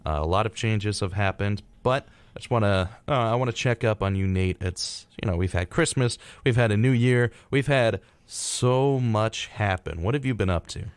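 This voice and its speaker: A man's voice: lowish voice, normal speed, hardly any pauses, clear, resonant tone, no room sound. A young man co-hosting a college radio show in casual chat, laughing and stumbling over his words, on a studio microphone.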